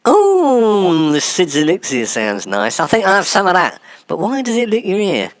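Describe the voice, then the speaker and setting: A man's voice: sits high, wildly swooping pitch, moderate pace, crowd noise. A man voicing a prim, simple-minded Englishman with a nasal, drawling manner in a comedy sketch. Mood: prim fussing.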